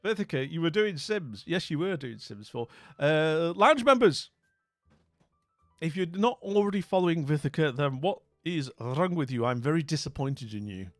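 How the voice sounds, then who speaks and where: On the high side and lively in intonation, this British man's voice moves at normal speed with hardly any pauses as he chats with his stream audience. He rambles and tends to mumble off. The close recording is dry, echo-free, with faint music.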